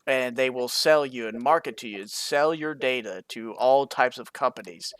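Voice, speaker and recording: A man's voice: medium pitch, normal speed, fairly bright tone, clear, resonant tone, dry recording. A man co-hosting a podcast, rambling in casual chat and laughing often. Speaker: podcast co-host.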